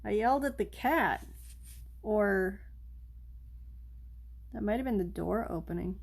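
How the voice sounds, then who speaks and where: A woman on a home live stream talks in an unhurried, drawn-out way, her voice sitting at an ordinary middle pitch. She rambles loosely between painting and calling her cats over. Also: gravelly, slightly rough. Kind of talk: casual live-stream chat while painting.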